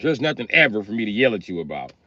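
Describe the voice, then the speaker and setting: A man's voice: lowish voice, fast talker, dry recording. Middle-aged dude ranting on his stream, crude and blunt, voice jumps all over, kinda dull dry mic. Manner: blunt, crude, heated and lively. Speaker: livestreamer. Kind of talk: profane comic rant on a livestream.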